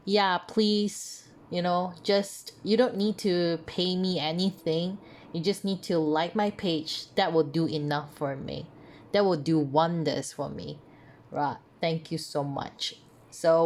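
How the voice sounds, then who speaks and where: Slow-talking woman teacher. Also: on the low side. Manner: chatty, repeats sentences slowly for learners. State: up late at night. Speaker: English teacher. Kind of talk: casual video lesson.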